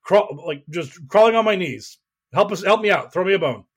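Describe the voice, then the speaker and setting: Man, high-pitched, podcast host, emphatic profane rant, exasperated. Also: animated, moderate pace, slightly rough. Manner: calls own voice whiny.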